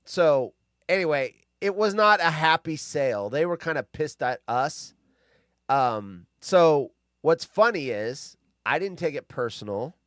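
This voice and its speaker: Male stream host, slightly high voice, loose and rambling, swears freely, dry close mic. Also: animated, unhurried, a bit bright, dry recording. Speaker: live show host. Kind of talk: casual chat, reading news stories aloud.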